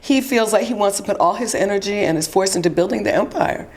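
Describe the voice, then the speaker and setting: A woman's voice: medium pitch, fast talker, darkish tone. A woman hosting a casual interview, with a playful, teasing manner and a ready laugh. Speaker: interview host.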